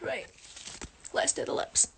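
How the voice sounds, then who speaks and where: A woman's voice: measured pace, noisy background. A woman chatting casually with viewers on a phone livestream, teasing and joking while she does her makeup. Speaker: livestream host answering viewer comments. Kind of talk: casual chat.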